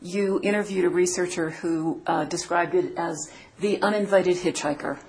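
A woman interviewer on the radio, asking direct, brisk questions. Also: fairly low pitch, fairly even intonation, a little mellow.

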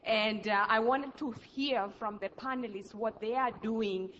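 A woman from an advocacy coalition, asking the panel a question at an audience microphone in a polite, measured way. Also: fairly high pitch, a bit bright, highs cut off, a little hiss or hum. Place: large conference hall. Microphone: audience floor microphone.

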